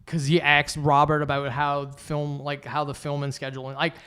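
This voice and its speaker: A man's voice: fairly high pitch, completely flat delivery, moderate pace, a bit bright, clean tone. A man co-hosting a podcast, chatting casually with frequent restarts and swearing. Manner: rambling, self-correcting, profane. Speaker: podcast co-host. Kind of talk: casual chat.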